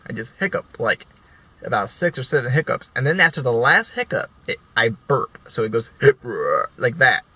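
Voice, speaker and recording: Bright-voiced young man telling stories. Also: medium pitch, expressive, normal speed, husky, poor audio. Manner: rambling, profane, many restarts. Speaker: vlogger. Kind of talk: casual storytelling.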